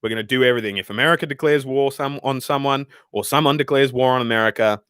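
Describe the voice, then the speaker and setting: A man's voice: medium pitch, quick pace, a bit bright, clear, resonant tone, dry recording, studio quality. Profane, rambling Australian man. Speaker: livestream host reading chat. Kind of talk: casual livestream chat.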